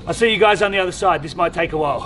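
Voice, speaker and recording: A man's voice: high voice, racing, very noisy. A young man, chatty and upbeat, reviewing outdoor gear in a casual vlog and thinking aloud as he unpacks. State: out of breath after pumping. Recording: music playing underneath.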